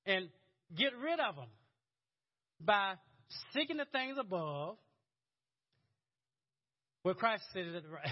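A man's voice: high-pitched, muffled recording. A man preaching a sermon in a conversational, chuckling way, often repeating words as he goes. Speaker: pastor.

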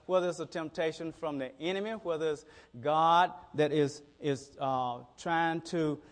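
A middle-aged man preaching a conversational sermon, telling stories in a folksy way and often repeating his words. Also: a little high. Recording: reverberant hall.

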